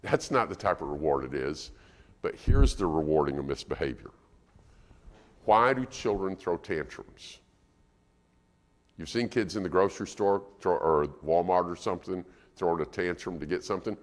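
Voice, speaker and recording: A man's voice: deep voice, expressive, moderate pace. A man preaching a sermon as guest speaker, conversational and asking the congregation questions. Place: church auditorium. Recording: reverberant church hall.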